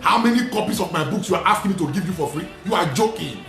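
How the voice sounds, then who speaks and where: A man who is a Nigerian Catholic priest, preaching emphatically and repeating lines, slipping into pidgin and shouting at the peaks. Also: high-pitched, animated, a little fast, few pauses, reverberant, soft background music. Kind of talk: preaching sermon. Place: studio.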